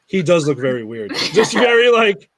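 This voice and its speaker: A man's voice: high voice, very animated, normal speed. A young man co-hosting a podcast, joking and cutting in during casual chat. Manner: joking, interrupting.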